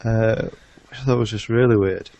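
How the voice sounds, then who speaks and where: A man's voice: fairly low pitch, fairly even intonation, normal speed, mellow. A man co-hosting a casual podcast, talking with frequent hesitations. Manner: hesitant, many ums and uhs. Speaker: podcast co-host. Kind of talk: casual chat.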